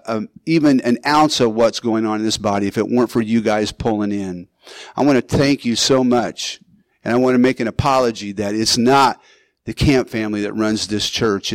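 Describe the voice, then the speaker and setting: A man's voice: mid-range voice, no echo, rough recording. An older male pastor giving an earnest, conversational sermon in his church, speaking straight to his congregation with casual asides.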